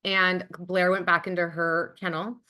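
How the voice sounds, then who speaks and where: A woman with a slightly low voice presents a webinar in a loose, conversational way. She sounds enthusiastic and heartfelt, and her sentences are full of ums and likes. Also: flat delivery, a little slow, bright, forceful tone, clear, resonant tone. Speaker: webinar presenter from a dog charity program.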